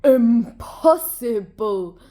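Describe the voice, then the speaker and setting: A woman voicing a huge, proud male hippopotamus in a storybook tale, puffing and indignant, slightly lower than her narration. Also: lively intonation, very slow, warm tone.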